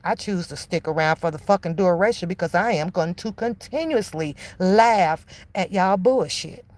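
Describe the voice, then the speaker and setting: A woman delivering a heated, profane reaction rant as an online commentator, mocking her target and drawing out key phrases slowly for emphasis. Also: fairly low pitch, darkish tone.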